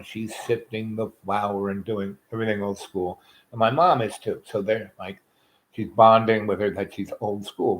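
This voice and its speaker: Man, lowish voice, rambling anecdote with lots of fillers and asides. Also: rough recording. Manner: loose, full of fillers and asides. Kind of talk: rambling personal storytelling.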